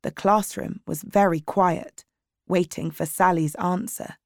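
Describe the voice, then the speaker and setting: A woman narrating a story aloud in a slow, clear, even reading voice. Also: fairly low pitch, no room sound, clean studio sound. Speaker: audiobook reader. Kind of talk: slow graded-reader narration.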